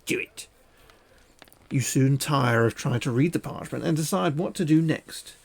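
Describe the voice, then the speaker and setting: A man's voice: medium pitch, measured pace, gravelly. A man streaming, reading a gamebook aloud and making crude, joking asides.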